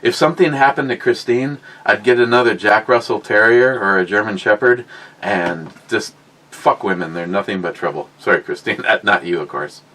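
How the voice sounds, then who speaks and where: A man's voice: on the low side, normal speed, sharp tone, rough recording. A middle-aged man telling crude, rambling, self-mocking stories on a casual podcast. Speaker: podcast co-host. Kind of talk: casual storytelling chat.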